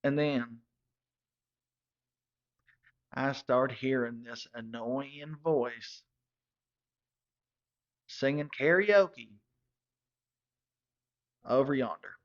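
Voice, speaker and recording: A man's voice: mid-range voice, extremely slow, pauses often, lo-fi sound. A man telling a rambling comedic story in a drawl, often correcting himself. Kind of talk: comedic monologue.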